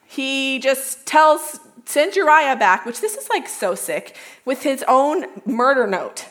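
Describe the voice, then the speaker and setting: Chatty young woman, slightly high voice. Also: sing-song, slow pace. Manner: chatty, lots of "like", self-correcting. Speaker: youth speaker. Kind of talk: casual youth talk retelling a Bible story.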